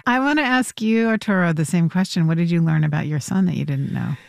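A woman hosting a radio interview, asking questions and giving short warm reactions. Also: on the low side, fast talker, creaky, no room sound, studio quality. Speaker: radio host.

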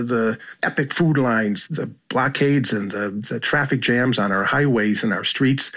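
American male journalist guest, husky, mid-pitched, reflective interview talk. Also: fairly bright tone. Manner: measured, thoughtful, with frequent "you know" and "kind of".

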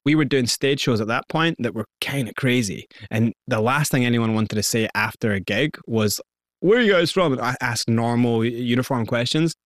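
A Scottish man, a guest in an interview, telling his story in a lively way and acting out quoted lines. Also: mid-range voice, normal speed, hardly any pauses, no echo, studio quality. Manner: lively, animated storyteller who acts out quotes.

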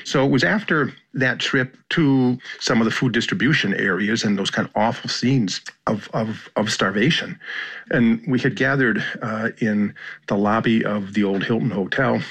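A man with an American accent, a journalist and foreign correspondent, speaking thoughtfully in an interview with frequent pauses and restarts. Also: on the low side, a bit bright, breathy edge. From United States. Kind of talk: reflective interview storytelling.

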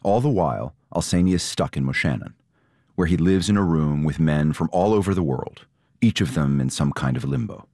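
Deep-voiced male reporter narrating. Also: lively intonation, a little fast, mellow, dry recording, clean studio sound. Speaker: reporter and host. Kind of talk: scripted narration and interviewing.

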